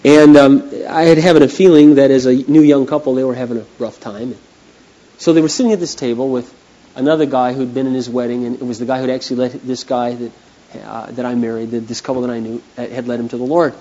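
A man preaching a sermon as a pastor, telling stories with an animated manner that swings from hushed to loud. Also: mid-range voice, fast talker, muffled recording. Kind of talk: storytelling sermon.

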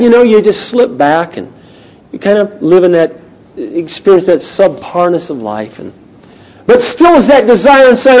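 A man in his thirties preaches with a high, bright-edged voice. He drives hard with urgent emphasis, then drops to a near hush before building again. The tone is earnest and evangelical, aimed straight at his listeners. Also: sing-song, normal speed, rough recording. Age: 30s. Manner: impassioned, swinging between loud urgency and hushed intensity. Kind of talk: sermon.

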